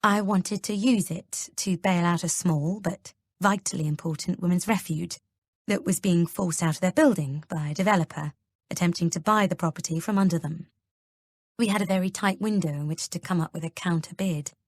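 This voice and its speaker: A woman reading an audiobook, voicing a composed, self-assured older mother-in-law who explains herself slowly and deliberately. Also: lowish voice, dry recording, studio quality.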